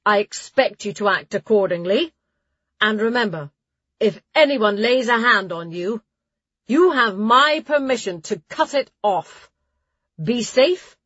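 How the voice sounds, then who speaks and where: A woman voicing a stern, commanding older abbess who gives a formal address to young novices. She speaks with a husky voice. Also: on the high side, animated, measured pace, a bit bright, no echo, highs cut off, voice pushed up, exaggerated voice.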